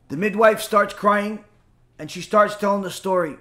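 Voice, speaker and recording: A man telling a folk tale aloud in a conversational, unhurried way, stopping now and then to explain terms. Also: high voice, sharp tone. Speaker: storyteller. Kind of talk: oral folk-tale storytelling.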